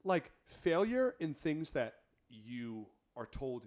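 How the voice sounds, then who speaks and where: Young guy podcast cohost, lively up and down voice, kinda rambly chat. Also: fairly high pitch, slow. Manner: animated, rambling with filler words. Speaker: podcast co-host. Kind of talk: casual chat.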